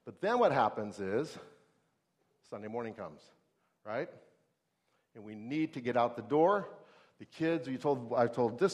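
Middle-aged guy giving a sermon, talks like he's chatting, acts out little scenes, regular pitch. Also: brisk. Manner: conversational, asks the audience questions and acts out scenes. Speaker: preacher.

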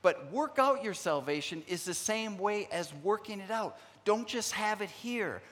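A man's voice: high-pitched, lively intonation, a bit bright. Preaching man in a reverberant hall. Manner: storytelling, acts out remembered dialogue; earnest, frequent pauses and restarts. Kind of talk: sermon.

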